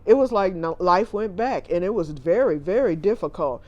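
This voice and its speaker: A man's voice: high-pitched, expressive, normal speed, a little mellow, muffled recording. A middle-aged man, a family caregiver, telling a personal story in a chatty, rambling way, often retelling what people said.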